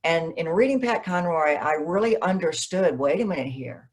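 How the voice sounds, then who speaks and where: Animated woman novelist telling stories. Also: on the low side, normal speed, hardly any pauses. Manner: animated, acts out quoted dialogue. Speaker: novelist guest. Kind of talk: conversational interview, storytelling.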